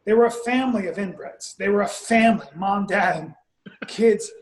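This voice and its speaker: High-voiced man in an echoey room. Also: normal speed. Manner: blunt, profane, exaggerating storyteller. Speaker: podcast co-host. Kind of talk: casual storytelling chat. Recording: roomy echo.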